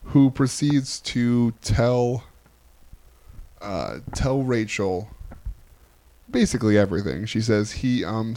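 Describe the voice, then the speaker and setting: A man's voice: on the low side, takes it slowly, long pauses, mellow. Man recapping with a chuckle. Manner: recapping events, laughing often. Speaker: podcast co-host. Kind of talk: casual chat.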